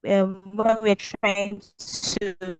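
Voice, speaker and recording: A woman giving a polite, steady update on her team's work on an online call. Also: mid-range voice, drawn-out words, smooth, no room sound, poor audio. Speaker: fellowship student. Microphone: video call.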